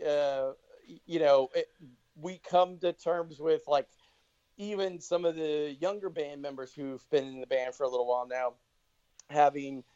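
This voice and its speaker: A man chatting as a guest on a casual podcast, his voice sitting a little high. He rambles, swears, and restarts his sentences often. The sound is dry and slightly dull. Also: mellow, clear, resonant tone, no echo. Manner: loose, swearing, many restarts and voiced asides. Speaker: podcast guest, band member.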